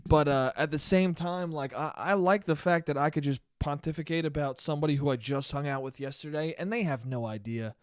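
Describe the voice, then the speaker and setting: A man's voice: a little high, a little fast, hardly any pauses, clean tone, no echo, clean studio sound. A young man hosting his own podcast, talking in a heated, profane and emphatic rant. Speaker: podcast host.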